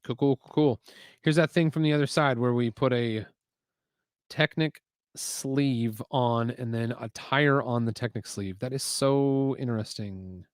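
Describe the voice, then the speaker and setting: A man's voice: mid-range voice, a little slow, clean tone, no echo, studio quality. Chatty man on a building stream. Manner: chatty, muses aloud, reads chat messages. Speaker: LEGO building livestream host. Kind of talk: casual livestream chat while building. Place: home garage.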